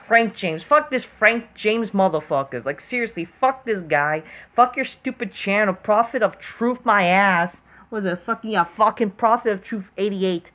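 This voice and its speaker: A woman's voice: fairly low pitch, phone-quality sound. A woman hosting an online commentary video, delivering an angry, profane rant full of fillers, restarts and constant swearing.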